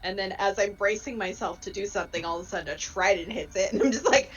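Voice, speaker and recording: A woman's voice: medium pitch, fast talker, husky, dull audio. Chatty woman playing a tabletop game. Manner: chatty, breaks into lively voices for her character. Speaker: player.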